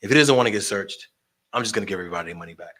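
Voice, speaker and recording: A man telling animated stories about promoting shows, swearing freely and acting out the voices of the people in them. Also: on the low side, very fast. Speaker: guest storyteller, concert promoter and barber. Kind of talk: casual storytelling interview.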